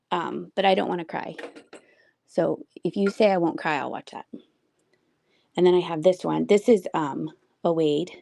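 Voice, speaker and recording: A woman's voice: lowish voice, vocal fry, dark tone, dry recording. A woman hosting a casual live-selling stream from home, rambling between items and reading out viewer comments. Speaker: livestream seller. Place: home room with shelves.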